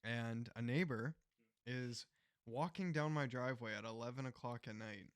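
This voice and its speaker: A man's voice: mid-range voice, normal speed, clear, resonant tone, dry recording. Brief: young male podcast co-host, casual and profane, dry close mic. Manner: profane storytelling with animated quotes. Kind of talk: casual chat.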